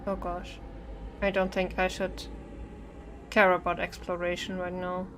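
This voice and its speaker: Slow-talking nervous young woman streamer. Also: lowish voice, background noise. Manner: nervous, chatty, sings to calm herself. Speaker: streamer playing horror games. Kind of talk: live-stream gameplay commentary. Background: faint game music.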